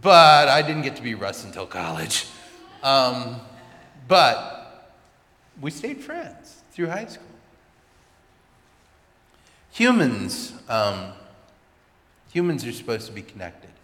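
A man's voice: medium pitch, takes it slowly, long pauses. Chatty man preaching in an echoey hall. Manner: chatty, animated anecdotes with asides. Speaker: pastor. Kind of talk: sermon storytelling. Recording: echoey hall with long reverb.

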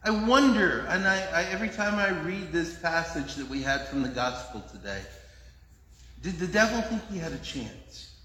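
Bright-voiced man preaching in an echoey hall. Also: high voice, a little hiss or hum. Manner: conversational, humorous storytelling, acts out quotes. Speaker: pastor. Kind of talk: sermon.

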